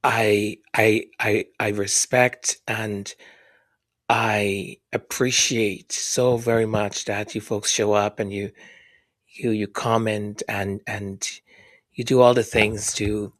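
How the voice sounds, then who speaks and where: A man hosting a podcast who reads listener comments aloud, speaking softly and haltingly, often whispering his thanks and sounding moved. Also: on the low side, level tone, no room sound, studio quality. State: moved, emotional. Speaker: podcast host. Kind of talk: casual chat reading listener comments.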